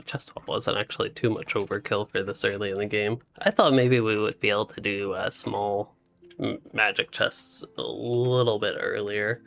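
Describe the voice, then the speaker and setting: A man's voice: on the low side, creaky, slight background noise. A man streaming a co-op survival game, chatting casually and rambling between tasks, with frequent laughs and a late-night sleepiness. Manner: relaxed, rambling, laughs often. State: sleepy, yawning. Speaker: gaming streamer. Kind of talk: casual co-op gameplay chat.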